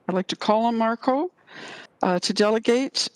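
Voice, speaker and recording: A woman chairing a council committee, running formal procedure in a brisk, businesslike way. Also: a little high, clean tone, no room sound, rough recording.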